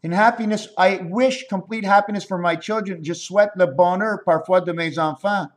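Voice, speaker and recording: A man with a voice pitched a little high rambles through a monologue. He riffs from one word to the next and spells out letters in an animated, sing-song way. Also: normal speed. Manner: free-associating wordplay, spelling out letters.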